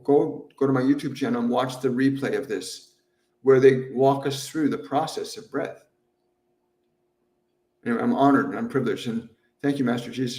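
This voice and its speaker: A man's voice: mid-range voice, a little mellow, roomy sound, recorded from a distance. A man hosting a live question-and-answer stream as a medium, earnest and grateful, repeating himself and laughing often. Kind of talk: livestream talk.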